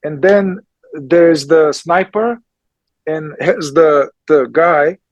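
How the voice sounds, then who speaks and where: A man, a therapist and teacher answering questions in a slow, emphatic conversational way, often checking in with "yeah?". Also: fairly high pitch, lo-fi sound. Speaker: somatic psychotherapist and teacher.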